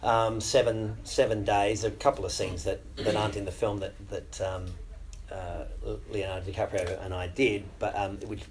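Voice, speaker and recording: A man's voice: fairly low pitch, little pitch movement, moderate pace, crowd noise, poor audio. Australian man chatting with many fillers. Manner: chatty, self-deprecating, with many fillers and restarts. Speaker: actor. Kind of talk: casual interview talk.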